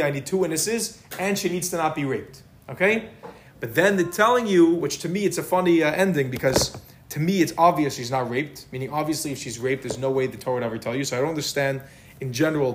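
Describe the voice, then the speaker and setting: A man leads an informal Talmud lesson in a conversational way. His voice sits a little high, and he stacks repeated words when he stresses a point. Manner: casual, repeats words for emphasis. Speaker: Talmud class teacher.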